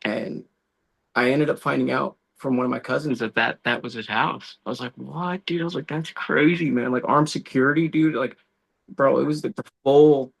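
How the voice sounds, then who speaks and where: A man, a law enforcement officer, telling personal stories as a guest in a casual podcast conversation, animated and full of "dude" and "bro.". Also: mid-range voice, fairly quick, vocal fry, husky. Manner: animated storytelling, says dude and bro a lot.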